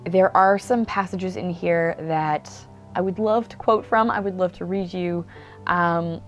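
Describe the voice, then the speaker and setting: A woman talking casually about books she has read, chatty and enthusiastic, with lots of "like" and "um". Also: on the low side. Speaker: book vlogger. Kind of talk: casual book review monologue. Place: indoors at home. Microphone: camera mic.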